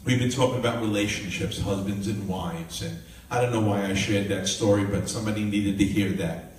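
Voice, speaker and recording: A male minister preaching a live sermon and telling a personal story with lively, animated delivery. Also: on the low side, fairly quick. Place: live church gathering. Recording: echoey room, mic at a distance, faint noise.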